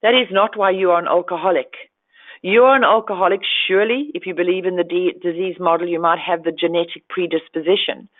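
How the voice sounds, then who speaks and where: A woman's voice: fairly low pitch, fairly even intonation, fast talker. A woman coach giving a motivational talk to women, direct and emphatic, repeating her key advice. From Australia. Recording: tinny phone-like sound.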